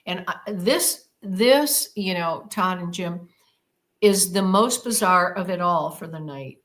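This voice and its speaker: This interview podcast guest is a woman with a fairly low, fairly bright voice who speaks slowly. Recounting something that happened to her, she brings it to life by repeating words for emphasis and performing her own past exclamations.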